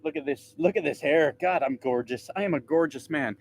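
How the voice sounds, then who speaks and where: A man's voice: a little high, a little fast, vocal fry, slight background noise. A man in his thirties ranting casually and profanely to his vlog audience from inside his truck, mocking himself along the way. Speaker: trucker vlogger.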